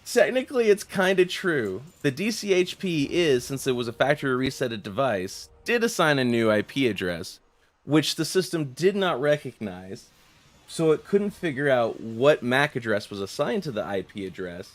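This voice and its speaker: A man's voice: mid-range voice, big pitch swings, moderate pace. A man streaming a game and chatting casually, rambling and swearing, with frequent laughs and restarts. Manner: rambling, profane, laughs often, many restarts. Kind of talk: casual chat while gaming.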